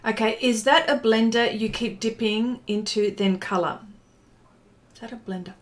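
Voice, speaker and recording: A woman hosting a live art stream, answering viewer questions in a halting, emotional way and laughing between words. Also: a little high. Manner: slow, halting and emotional, trying not to cry, laughing. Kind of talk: chatty live stream while painting, reading viewer questions.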